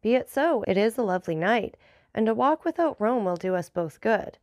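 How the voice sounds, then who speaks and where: A woman voicing an aloof, commanding nobleman in a formal, measured storybook reading. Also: mid-range voice, animated, darkish tone, dry recording, clean studio sound, natural voice.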